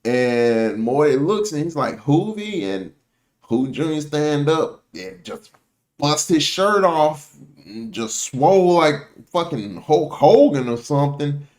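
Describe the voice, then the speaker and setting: A man with a fairly high voice runs through a cartoon episode in loose, swear-heavy slang. He keeps dropping into quick impressions of the characters as he tells it, in the easy rhythm of a casual reaction video. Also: animated, a little mellow. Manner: profane, slangy storytelling that acts out characters' lines.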